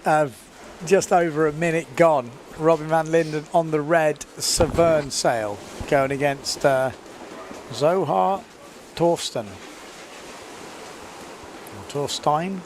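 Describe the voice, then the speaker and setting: Chatty man commentating live. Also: fairly high pitch. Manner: chatty, quick to laugh. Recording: faint outdoor noise.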